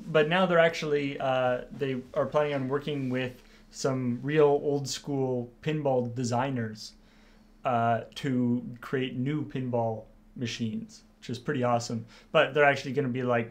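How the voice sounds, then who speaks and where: A man's voice: medium pitch, fairly even intonation, measured pace. A man co-hosting a stream aftershow, explaining a story in casual chat with frequent "uh" fillers. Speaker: stream co-host.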